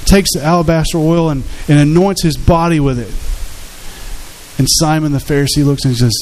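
A man's voice: fairly high pitch, normal speed, a little mellow, poor audio. A man preaching a sermon as pastor, earnest and conversational, acting out quotes from his congregation.

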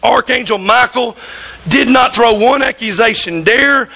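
A man's voice: extremely high pitch, measured pace, gravelly, bright, forceful tone, low-quality recording. A pastor preaching a fervent sermon in church, acting out voices in the stories he tells.

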